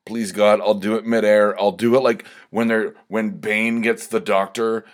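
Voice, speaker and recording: A man's voice: lowish voice, level tone, normal speed. A young man hosting his own podcast alone, rambling and swearing, tipsy and stammering as he gets worked up. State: slightly tipsy from drinking shots. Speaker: podcast host. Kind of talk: casual solo podcast monologue.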